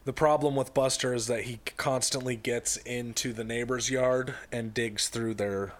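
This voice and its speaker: A man casually retelling a story to a friend on a podcast, wandering and backtracking as he goes. His voice sits at an ordinary middle pitch. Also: fairly even intonation, moderate pace. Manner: rambling storyteller with many fillers and restarts. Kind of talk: casual chat.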